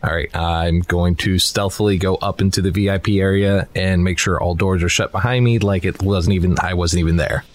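Very deep-voiced man playing a tabletop game. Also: brisk, few pauses. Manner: relaxed, thinking aloud with fillers. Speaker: player.

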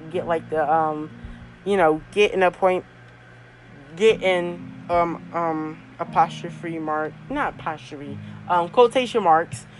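A woman's voice: mid-range voice, rough recording. Young woman, podcast host, casual storytelling, laughs a lot, lots of fillers, faint music behind. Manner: chatty, laughs often, many fillers.

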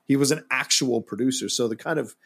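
A man with a gravelly, slightly husky voice talks movies in a laid-back way. He shares behind-the-scenes trivia and laughs along easily. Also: mid-range voice, brisk, a bit bright. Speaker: podcast co-host. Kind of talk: casual film commentary chat.

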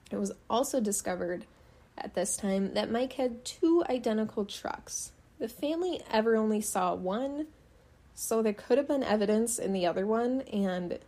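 A woman's voice: on the high side, warm tone. A young woman hosting a true-crime podcast, talking casually with fillers and dry sarcasm. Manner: sarcastic, chatty, frequent fillers. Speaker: podcast host.

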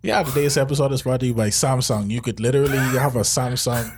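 A man's voice: medium pitch, fast talker, breathy edge. A man co-hosting a podcast, in casual joking chat with a rambling, laid-back manner. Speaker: podcast co-host.

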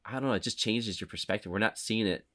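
A man's voice: on the low side, quick pace, a bit bright, no room sound, studio quality. A man hosting a podcast, chatting casually and rambling with frequent self-corrections. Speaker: podcast host. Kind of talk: casual chat.

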